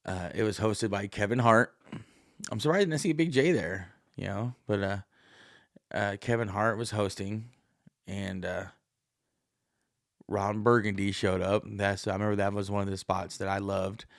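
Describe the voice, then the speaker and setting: A man's voice: fairly low pitch, normal speed, creaky, pauses often, no echo, clean studio sound. A man hosting a podcast, talking in a profane, meandering casual monologue and acting out quoted voices. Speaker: podcast host.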